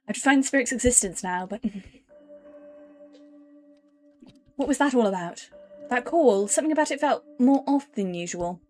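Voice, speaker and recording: A woman's voice: mid-range voice, darkish tone. A woman streaming a game live, reading its text aloud and chatting to her viewers between lines. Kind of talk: live game playthrough commentary.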